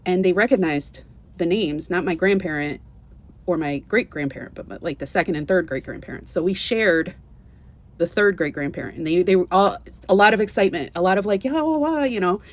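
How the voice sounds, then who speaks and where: A woman's voice: lowish voice, brisk. A woman telling her own travel story in a casual, earnest way, with many restarts and asides. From United States. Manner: earnest and animated, with many restarts and "you know"s.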